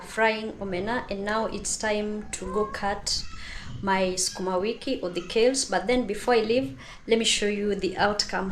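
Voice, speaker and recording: Chatty Kenyan woman cooking outdoors. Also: medium pitch. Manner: chatty, addresses viewers directly. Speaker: vlogger. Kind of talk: casual cooking vlog. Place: village home outdoors. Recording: echoey with loud background noise.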